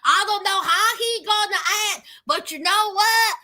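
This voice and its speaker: A woman's voice: extremely high pitch, unhurried, sharp tone, voice pushed up, exaggerated voice. A woman acting out a frantic young woman who is unsure whether she is pregnant, her voice wavering and half-singing.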